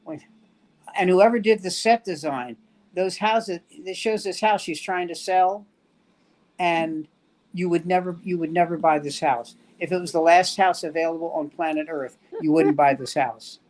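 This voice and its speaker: Older male comedy host, animated raconteur, fairly high pitch. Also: moderate pace. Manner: animated storyteller acting out quoted dialogue. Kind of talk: casual chat, retelling film scenes.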